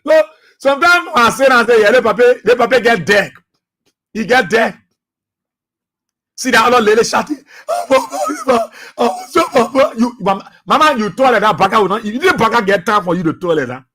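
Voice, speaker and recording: A man with a very high voice and a Liberian English accent speaks a little fast as a radio talk show host delivering impassioned political commentary. He is preachy, repeats his phrases and points, and shouts at times.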